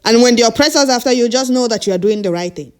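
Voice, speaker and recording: A woman's voice: a little high, fast. A woman reading out news reports and breaking off with mocking comments and frequent laughter. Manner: laughs often, mocking asides.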